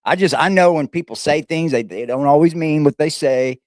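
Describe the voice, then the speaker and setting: A man's voice: on the high side, moderate pace, darkish tone, dry recording, clean studio sound. A man hosting a reaction livestream, talking casually in a rambling, repetitive and emphatic way, with some swearing.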